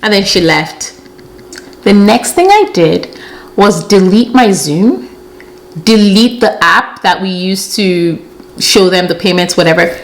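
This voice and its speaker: A young woman in a casual storytime monologue, recounting events in an animated, exasperated way with plenty of slang. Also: mid-range voice, unhurried. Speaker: storytelling vlogger.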